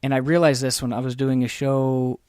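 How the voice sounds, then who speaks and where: A man from Oklahoma chatting on a podcast, telling stories in an animated way, laughing often and jumping up in pitch when he quotes people. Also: normal speed, clear, resonant tone, no echo, studio quality. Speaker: guest host. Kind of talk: casual podcast chat.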